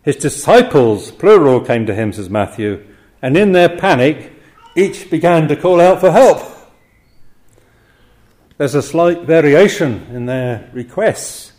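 A man's voice: on the high side, lively intonation, a little slow, darkish tone. An older man preaching an expository sermon, often chuckling between points and voicing the quoted cries with drama.

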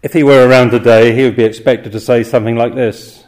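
A man preaching, earnest and emphatic as he builds his points with rhetorical questions. He slows down deliberately when quoting scripture. His voice sits at an ordinary middle pitch. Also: fairly even intonation, a little mellow. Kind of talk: evening sermon.

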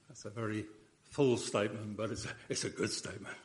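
A man's voice: lowish voice, steady tone, fairly quick, a little mellow. A man preaching a sermon in an earnest, emphatic way, often repeating phrases for weight.

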